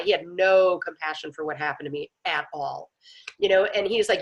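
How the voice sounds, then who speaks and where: A woman's voice: mid-range voice, fairly quick. A middle-aged woman teaching a class, telling a personal story and acting out the voices she quotes. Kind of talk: personal story told as a lesson.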